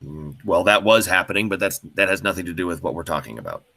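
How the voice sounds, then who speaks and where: Lively young man explaining with bright energy. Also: sits low, fast talker, creaky, no room sound. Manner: patient, prompting with questions. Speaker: student tutor. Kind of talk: explaining a history essay question.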